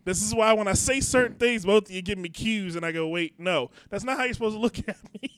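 Guy on a comedy podcast, kinda high voice, rambly and swears a lot. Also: quick pace, clean tone, no room sound. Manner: rambling, self-deprecating, swears freely. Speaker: podcast co-host. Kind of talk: casual comedy chat.

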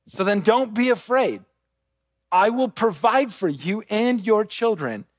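A man preaching a sermon, swinging between quiet intensity and raised urgency. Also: high-pitched, expressive, unhurried, no room sound. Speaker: pastor.

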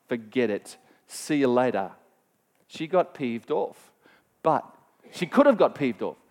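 A man delivering a sermon in a somewhat high voice. He retells a scripture story with animated rises in his voice and plain-spoken asides to his listeners. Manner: animated storytelling, voice rising sharply when quoting scripture. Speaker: preacher.

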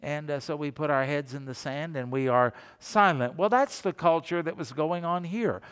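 Fairly high-voiced pastor preaching in a hall. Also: male voice. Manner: conversational preaching, acts out quoted voices. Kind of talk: sermon.

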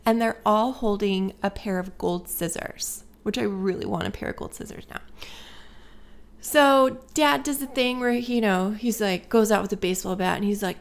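Speak as a woman in the middle of a relaxed podcast chat, recapping a film scene by scene. She talks loosely and keeps going, with plenty of fillers and casual swearing, and her pitch sits in an ordinary middle range. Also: normal speed, vocal fry. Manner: chatty storytelling, swears freely, lots of fillers. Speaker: podcast co-host. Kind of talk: casual chat, movie review.

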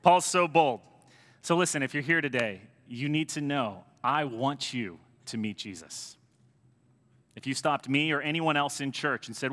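Bright, forceful American priest preaching. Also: male voice, mid-range voice, normal speed. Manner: animated storytelling with emphatic swings in loudness. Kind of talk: sermon. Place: church sanctuary. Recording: long church reverb.

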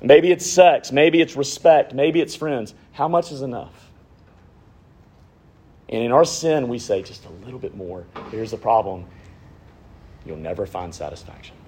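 Pastor, man in his thirties, husky voice, preaching with strong swings between loud and hushed. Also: medium pitch, animated, measured pace, pauses often. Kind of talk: sermon.

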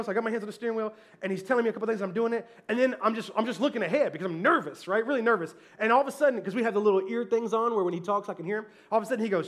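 A male pastor telling a funny story in a sermon, laughing often as he talks, then turning low and soft when reflective. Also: very fast, few pauses.

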